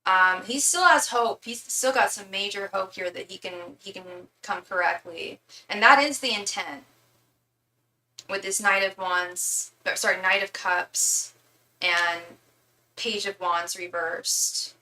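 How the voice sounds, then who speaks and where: A woman's voice: medium pitch, unhurried, bright, forceful tone, roomy sound, recorded from a distance, low-quality recording. A young woman giving a live tarot reading in a chatty way, full of fillers, restarts and calls of "girl". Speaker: tarot reader.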